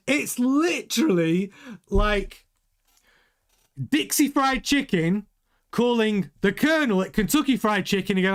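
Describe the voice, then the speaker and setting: A man hosting a casual motorsport news commentary, animated and jokey, often laughing. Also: sits high, unhurried. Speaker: news host.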